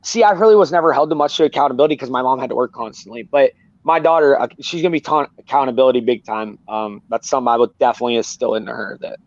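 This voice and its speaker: A man's voice: medium pitch, rapid-fire, dry recording, muffled recording. A man talking candidly and earnestly as a guest, rambling and repeating himself. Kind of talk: candid personal talk.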